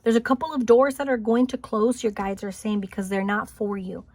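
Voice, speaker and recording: Soft-spoken woman giving a card reading. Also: fairly high pitch, flat delivery, fairly quick, no room sound. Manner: gentle, encouraging, thinks aloud with restarts. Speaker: tarot card reader. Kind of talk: spiritual pick-a-card reading. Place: home, Highland Park, California.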